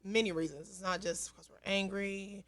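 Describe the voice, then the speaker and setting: A woman's voice: mid-range voice, steady tone, moderate pace. A woman co-hosting a casual chat, rambling with many fillers and speaking bluntly.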